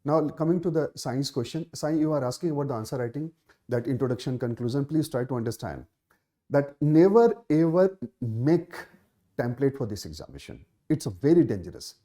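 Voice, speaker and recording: Indian English male exam tutor, live Q&A, lively pitch, mellow tone, repeats key points. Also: fairly quick. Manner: emphatic, repeats key phrases, many fillers. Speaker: exam coaching teacher. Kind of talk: live Q&A session answering student questions.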